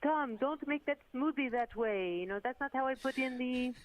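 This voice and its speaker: A woman's voice: sits high, moderate pace, a little hiss or hum, pitched above the performer's own voice, natural voice. Woman putting on a bossy wife with a mock Brazilian accent. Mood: scolding.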